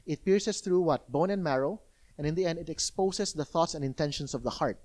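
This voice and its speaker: Male pastor, high-voiced, animated conversational preaching. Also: brisk. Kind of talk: sermon. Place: church.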